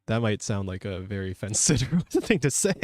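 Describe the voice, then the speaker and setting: A man streaming as a VTuber, chatting casually while he codes, joking at his own expense and sometimes breaking into high squeaky yelps. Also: very animated, fairly quick, darkish tone, no room sound, soft background music. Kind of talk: casual chat while coding.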